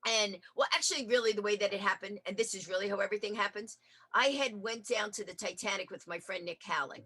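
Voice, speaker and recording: A woman, a guest on an interview show, tells lively, animated anecdotes over a remote call. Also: mid-range voice, fast, slightly rough. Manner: animated, acts out quoted voices.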